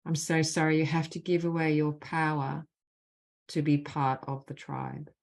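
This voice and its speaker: Low-voiced woman guiding a healing call. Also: little pitch movement, vocal fry, a little mellow. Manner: slow, deliberate reading of repeated phrases. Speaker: spiritual mentor leading a group call. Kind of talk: guided clearing session with spoken healing phrases.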